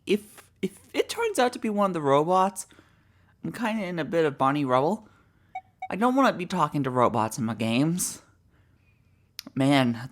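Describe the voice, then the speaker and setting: A woman hosting a let's play, giving casual, profane, excitable commentary and mimicking characters. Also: rumbling low.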